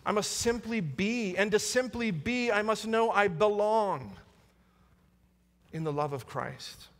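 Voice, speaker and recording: High-voiced man preaching in a reverberant hall. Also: slow pace. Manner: earnest, repeats key lines for emphasis. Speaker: pastor. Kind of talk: sermon. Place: church sanctuary. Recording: long church hall reverb.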